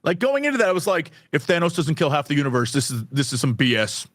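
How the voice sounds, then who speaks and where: High-voiced, excitable man chatting on a podcast. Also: fast talker, no echo, studio quality. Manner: animated and excitable, laughing often. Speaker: guest. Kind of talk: casual podcast chat.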